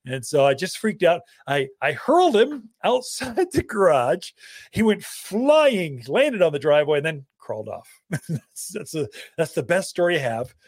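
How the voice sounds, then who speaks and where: A man's voice: fairly high pitch, very animated, moderate pace, no echo, clean studio sound. A man from Arizona hosting a gardening radio show, telling stories in a folksy, casual way with many loose asides.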